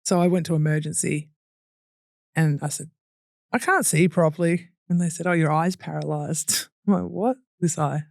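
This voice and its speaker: A woman's voice: sits low, steady tone, normal speed, gravelly, no echo. A young Australian woman, a podcast guest, telling her hard story bluntly and with swearing, laughing through painful memories and acting out what people said. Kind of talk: candid personal storytelling.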